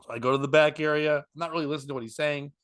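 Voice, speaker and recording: A man's voice: fairly high pitch, steady tone, rapid-fire, fairly bright tone. A man hosting a podcast who tells a story casually, laughs through it, acts out other people's lines and swears freely. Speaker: comedian and podcast host.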